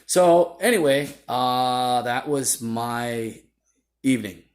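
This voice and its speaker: A man casually recounting a roadside run-in, animated and quick to act out the people he met. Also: medium pitch. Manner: animated, acts out shouting voices in quotes. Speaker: storyteller. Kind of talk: casual storytelling.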